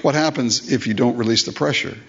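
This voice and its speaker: A man's voice: medium pitch, fairly quick, a bit bright, highs cut off, slight background noise. An older man preaching a sermon as pastor, emphatic, repeating phrases and asking rhetorical questions.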